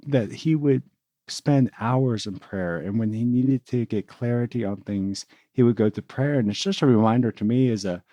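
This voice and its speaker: A man's voice: medium pitch, normal speed, warm tone, no room sound, highs cut off. A man, a diocesan priest, co-hosting a podcast and reflecting earnestly on a saint, with small restarts. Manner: earnest, reflective, with repeated words. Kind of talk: casual podcast chat.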